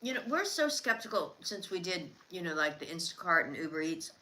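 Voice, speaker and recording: A middle-aged woman co-hosts a relaxed livestream and chats in a matter-of-fact way between bites. Her pitch swings widely as she talks, and her voice has a bright, clear ring. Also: a little fast. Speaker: livestream co-host. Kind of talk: casual livestream chat while eating.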